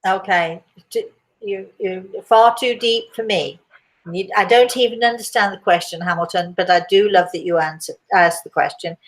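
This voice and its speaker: A woman's voice: medium pitch, moderate pace, low-quality recording. An older woman hosting a live stream as a medium, chatting loosely and laughing often. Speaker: host and medium. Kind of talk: casual live-stream chat.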